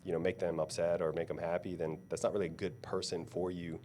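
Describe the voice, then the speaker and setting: A man's voice: low-pitched, little pitch movement, fast, dark tone, a little hiss or hum. A man hosting a casual conversation, talking in a laid-back and encouraging way with plenty of "you know". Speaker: host and coach.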